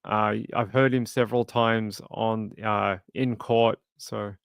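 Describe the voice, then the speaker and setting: A man's voice: on the low side, fairly even intonation, takes it slowly, gravelly, clear, resonant tone, dry recording, clean studio sound. A man hosting a true crime livestream, chatting casually and reading viewer comments aloud with sympathy. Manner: conversational, sympathetic, reads chat aloud.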